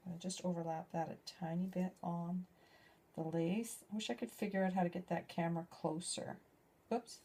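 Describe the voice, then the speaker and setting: In a fairly low, husky, warm voice, a middle-aged woman talks her way through a casual craft session at home. She speaks at a moderate pace with fairly level intonation, wandering chattily and breaking off her own sentences.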